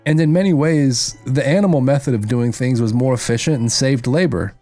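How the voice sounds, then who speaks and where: A man hosting a podcast, reading a novel aloud at a measured pace and breaking off for loose, profane comments. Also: mid-range voice, dark tone, soft background music. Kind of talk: book reading with casual commentary.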